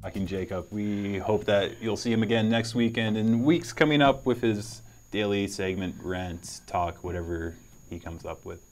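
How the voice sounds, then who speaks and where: A man's voice: lowish voice, moderate pace, soft background music. A man hosting a casual student show, easygoing and joking. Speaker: show host.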